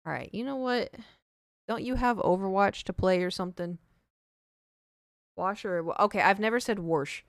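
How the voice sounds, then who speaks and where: A woman's voice: medium pitch, moderate pace, vocal fry, long pauses, clean tone, no echo, studio quality. A woman with a Southern accent chatting casually as a streamer while she plays, ranting and mocking how people pronounce words. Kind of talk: casual chat while gaming.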